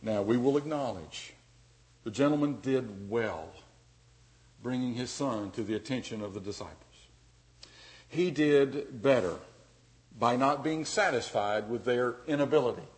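A man preaching a sermon as pastor, dynamic, dropping to a hush and then rising loud and emphatic. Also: medium pitch, expressive, measured pace, pauses often.

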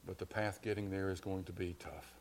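A man preaching a sermon as pastor, his delivery swelling from hushed to loud. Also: low-pitched, level tone, a little fast, creaky, slight background noise.

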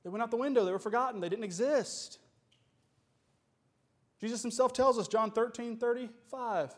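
A man's voice: extremely high pitch, normal speed. A man preaching a sermon as pastor, emphatic and full of rhetorical questions.

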